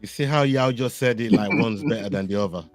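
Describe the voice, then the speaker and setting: A man's voice: on the low side, fairly quick, music in the background. A man hosting a casual MMA podcast who teases and needles his co-hosts, pressing them with questions. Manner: teasing, needling, laughs at others. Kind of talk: casual sports banter.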